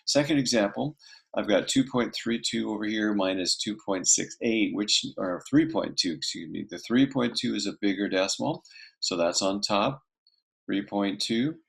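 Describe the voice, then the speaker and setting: A man's voice: fairly low pitch, moderate pace, creaky, fairly bright tone. A man teaching a casual math lesson, talking through each step aloud and checking in with "okay" often.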